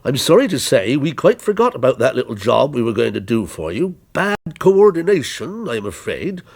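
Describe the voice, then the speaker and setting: A man playing a brisk official ringing up, breezy and apologetic in a businesslike way, his voice lively in pitch and a touch husky. Part of a short story read aloud. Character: brisk male official calling on the phone.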